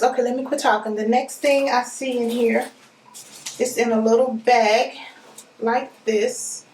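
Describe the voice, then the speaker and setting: A fairly high-voiced woman gushes her way through an unboxing, talking right to her viewers. She sounds a little distant from the mic. The room echoes around her. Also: a little slow. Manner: excitable, gushing, talks straight to viewers. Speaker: unboxing vlogger. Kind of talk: casual unboxing chat. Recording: roomy echo, mic at a distance.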